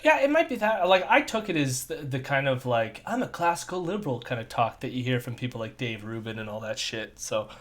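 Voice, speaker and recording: Lively, animated man hosting a stream. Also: medium pitch, brisk, few pauses. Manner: animated, laughs often, swears freely. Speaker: stream host. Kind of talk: casual commentary on video clips.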